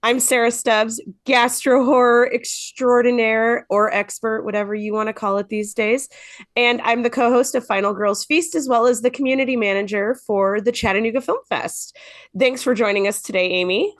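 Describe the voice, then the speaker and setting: A woman's voice: fairly high pitch, steady tone, normal speed, no echo, studio quality. A woman podcast co-host moderating a festival Q&A, asking upbeat prepared questions. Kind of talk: hosting a festival Q&A.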